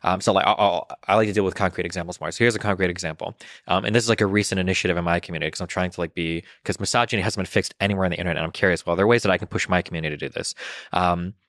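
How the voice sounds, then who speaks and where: Fast-talking low-voiced man, rambling. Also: steady tone, a bit bright, no room sound, studio quality. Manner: fast, rambling, many restarts and fillers. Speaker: podcast guest, political commentator. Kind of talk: casual conversation.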